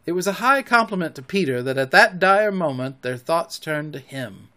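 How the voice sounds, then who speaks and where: A man hosting a podcast, reading a children's story aloud with expressive narration. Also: on the high side, normal speed.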